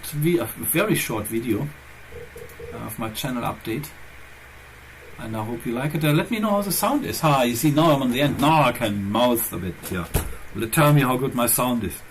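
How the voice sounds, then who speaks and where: A man's voice: mid-range voice, expressive, moderate pace, a little hiss or hum, rough recording. A man hosting his own channel, chatting casually and rambling as he thinks aloud, with phrasing. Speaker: channel host. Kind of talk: casual chat.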